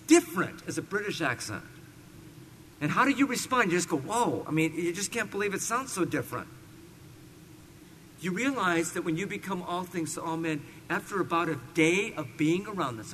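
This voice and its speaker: Bright-voiced guy preaching a sermon, slow emphatic scripture reading, big echoey church hall, faint room hum. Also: a little high. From California. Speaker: pastor. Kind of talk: expository sermon. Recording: long reverb in a large hall.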